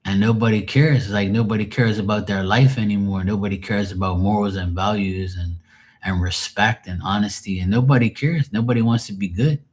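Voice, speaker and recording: A man's voice: on the low side, fairly quick. A man on a live stream venting in a rambling, emotional monologue, swearing often and sounding drained and sad.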